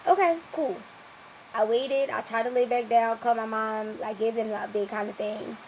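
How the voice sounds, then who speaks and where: A young woman, a podcast guest, telling a long personal story in a lively, casual way and acting out what people said. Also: fairly high pitch, normal speed, slight background noise, low-quality recording. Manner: lively, acts out quoted dialogue.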